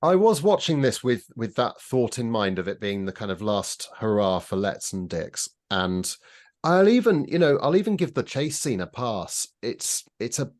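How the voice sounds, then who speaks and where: A man's voice: medium pitch, big pitch swings, moderate pace, a little mellow. A man on a podcast panel, giving his views in a dry, wry, critical tone during casual chat.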